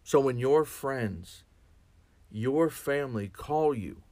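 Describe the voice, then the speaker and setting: A man's voice: medium pitch, lively intonation, slow pace, dark tone, no room sound. A man speaking as a chaplain in a reflective podcast monologue, earnest and often restarting and repeating his words.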